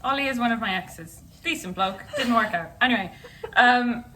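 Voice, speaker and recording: A woman's voice: on the high side, animated, a little fast, pushed and bright. Young woman, jokey rambling chat, kitchen, distant mic, noisy. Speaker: vlogger host. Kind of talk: casual chat while cooking. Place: home kitchen. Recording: distant camera mic with noise.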